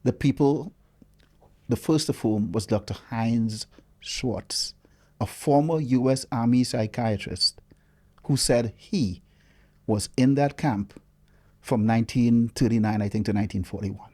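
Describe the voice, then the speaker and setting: A man, a guest researcher telling a story in a casual interview with lively, dramatic delivery. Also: medium pitch, measured pace.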